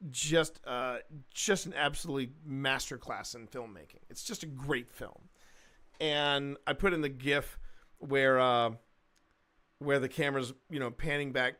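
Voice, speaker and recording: A man hosting a livestream, chatting casually and rambling, with loud bursts of laughter. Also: mid-range voice. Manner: quotes films in a gruff mimic voice. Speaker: livestream host.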